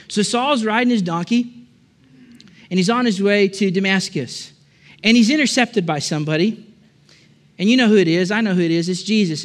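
A man's voice: sits high, fairly bright tone. A man preaching a sermon in a church, telling a story casually and then building to emphatic, repeated lines. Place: church with a balcony.

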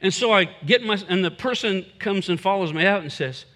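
With a high voice and a brisk pace, a pastor preaches animatedly, acting out the voices of the people he quotes.

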